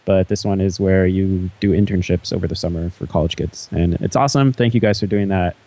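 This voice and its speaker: A man's voice: sits low, a little fast, mellow. A man summarizing in a casual, upbeat way on a podcast panel. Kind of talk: casual chat.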